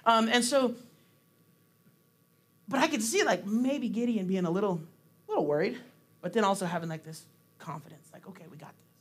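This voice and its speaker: At a moderate pace with frequent pauses, a preacher with a medium-pitched voice talks through a sermon in a chatty, informal way. He stumbles through fillers and restarts, laughs often, and dramatizes quotes.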